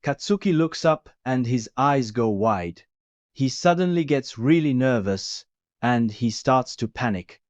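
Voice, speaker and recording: A man reading fan fiction aloud in a steady, plain storytelling way. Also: mid-range voice, measured pace, dry recording, highs cut off. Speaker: reader. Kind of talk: fanfiction story narration.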